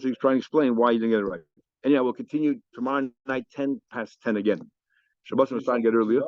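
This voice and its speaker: Fast-talking rabbi teaching a Talmud class. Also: male voice, mid-range voice, no echo. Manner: lively, animated, explains and asks questions. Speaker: rabbi teaching daf yomi. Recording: muffled lo-fi sound.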